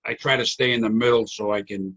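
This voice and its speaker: A man's voice: mid-range voice, fairly even intonation, quick pace, a bit bright, rough recording. A man with a Boston accent hosting a casual comedy chat, easygoing and agreeable, with lots of fillers. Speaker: podcast host.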